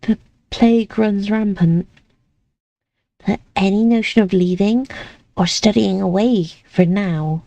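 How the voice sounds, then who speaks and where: A woman's voice: medium pitch, takes it slowly, vocal fry, long pauses, mellow, no echo, dull audio. A woman voicing a possessive, controlling female caretaker with a cool, insistent, manipulative manner.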